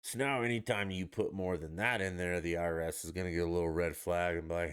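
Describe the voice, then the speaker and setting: A man's voice: low-pitched, fairly even intonation, quick pace, hardly any pauses, clear, resonant tone. A man hosting his own stream, ranting with profanity and sarcasm in casual solo commentary. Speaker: podcast host.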